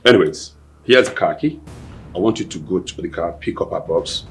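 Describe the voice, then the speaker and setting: An actor playing a domineering, mocking husband in a Nollywood film. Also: male voice, sits low, lively intonation, moderate pace, faint music behind. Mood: bossy. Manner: bossy, mocking, then explosive shouting. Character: domineering husband who flaunts his mistress.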